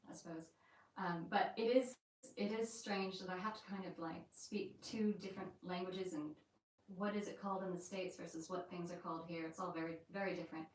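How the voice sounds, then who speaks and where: A woman vlogger talking casually in a halting, reflective way with many pauses. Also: on the low side. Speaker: vlogger telling family history. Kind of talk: casual live-stream talk. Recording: very echoey, distant mic, faint noise.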